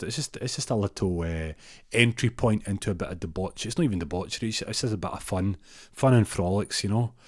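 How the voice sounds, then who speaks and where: A man's voice: low voice, no echo, clean studio sound. A man improvising a comic story, rambling and repeating words with many fillers.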